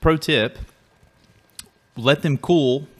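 A man's voice: a little high, very slow, fairly bright tone. A man co-hosting a casual hot sauce tasting, chatting in an easygoing, playful way. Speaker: co-host. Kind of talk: casual chat.

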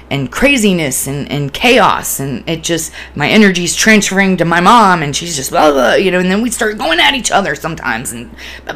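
A woman hosting a casual solo podcast, talking candidly and with plenty of swearing, rambling through fillers and restarts. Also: deep voice. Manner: candid, profane, animated storytelling. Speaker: podcast host.

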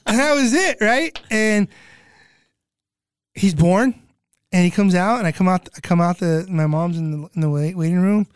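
A middle-aged man telling a story on a podcast, animated and casual. He acts out the people in it with shifting voices. The sound is dry and close. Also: sits high, normal speed, pauses often, clear, resonant tone, dry recording. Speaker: podcast guest.

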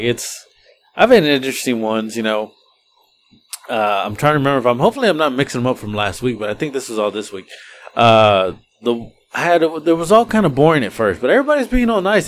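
Man, podcast host, rambling animated storyteller, laughs a lot. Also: mid-range voice. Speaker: podcast host and Uber driver.

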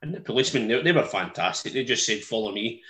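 A man's voice: medium pitch, lively intonation, quick pace, fairly bright tone. A man in casual podcast chat, rambling through a travel story with many ums. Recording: roomy echo.

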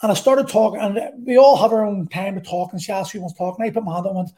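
A man's voice: high voice, fast, warm tone. Sweary middle-aged Belfast man. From Northern Ireland. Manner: blunt, sweary, rambling. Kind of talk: personal storytelling.

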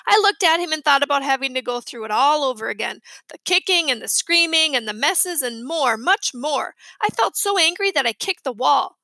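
A woman reading a children's chapter book aloud with lively storytelling. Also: high voice, moderate pace, hardly any pauses, dry recording. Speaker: reader.

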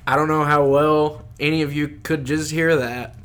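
A man's voice: fairly high pitch, fairly even intonation, normal speed, a bit bright, smooth. A man in casual chat, reacting to a friend's story with short, easygoing comments and frequent laughs. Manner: laid-back listener, short reactions, laughs often.

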